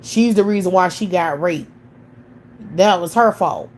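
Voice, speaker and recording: A woman's voice: lowish voice, measured pace, a little mellow, slight background noise. A woman hosting a livestream, ranting in blunt, profane commentary and firing off scornful rhetorical questions. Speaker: livestream host.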